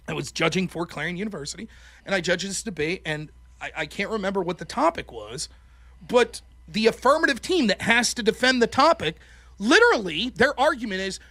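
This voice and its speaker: A man hosting a call-in show, telling stories in animated, profane casual chat. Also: high-pitched, dry recording. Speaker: podcast host.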